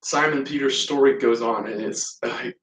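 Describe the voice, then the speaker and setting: A man's voice: medium pitch, moderate pace, a bit bright. A man preaching a sermon, telling a Bible story and acting out its lines. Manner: storytelling preacher, acts out quoted lines with voices. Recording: echoey room, from a distance.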